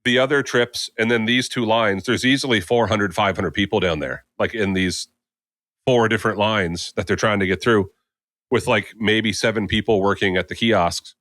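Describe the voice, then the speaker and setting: A podcast co-host with a lowish voice speaks at a normal speed in a dry recording. He tells a long story casually and with animation, acting out the people he quotes.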